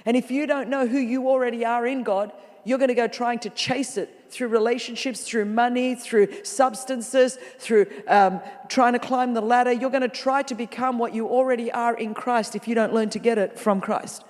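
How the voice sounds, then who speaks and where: A woman preaching a sermon as a guest speaker in a large church, animated and playful, with comic asides. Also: fairly high pitch, moderate pace. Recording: long reverb of a large hall.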